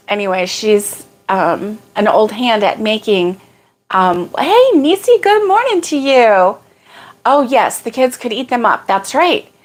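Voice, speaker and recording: Woman, middle-aged, livestream host, rambling homey chat, medium pitch, perks up greeting viewers. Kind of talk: casual morning livestream chat.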